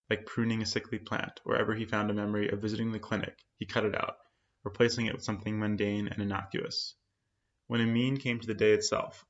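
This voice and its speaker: A man reading a literary story in a measured, quiet way. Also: fairly low pitch. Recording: dull lo-fi sound.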